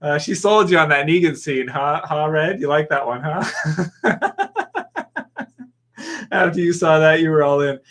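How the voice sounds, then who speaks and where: A Canadian streamer chats casually with his audience, rambling, chuckling, and replying to their comments. His voice is a little high and fairly bright, and he talks a little slowly with long pauses.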